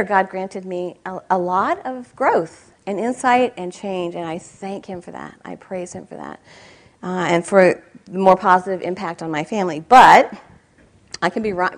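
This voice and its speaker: A middle-aged woman preaches to a church audience in a fairly low voice. She speaks with candid, self-mocking humor and keeps turning to the listeners with direct questions as she tells her stories. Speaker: speaker at a weekend church conference. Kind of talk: sermon with personal storytelling.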